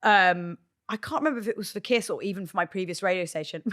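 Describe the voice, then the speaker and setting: A woman's voice: on the low side, fairly bright tone. Chatty woman in her thirties. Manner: chatty, swears freely, quick bursts. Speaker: podcast guest, presenter. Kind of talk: casual chat.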